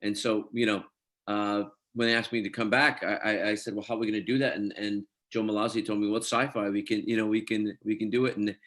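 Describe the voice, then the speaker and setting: A middle-aged Scottish actor, appearing as a guest, tells chatty anecdotes in a casual interview, quoting others and laughing easily. His voice is lowish and a bit bright, with a level tone and a fast delivery.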